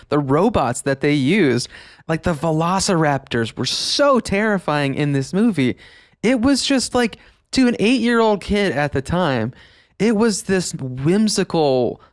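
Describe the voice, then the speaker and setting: An enthusiastic man in his thirties hosts a nostalgia podcast, speaking with a slightly high voice and frequent laughter. The sound is dry and close, with no room around it. He leans hard on his excitement, stressing words as he goes. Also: no echo. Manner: enthusiastic, laughs often, emphatic. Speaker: podcast host.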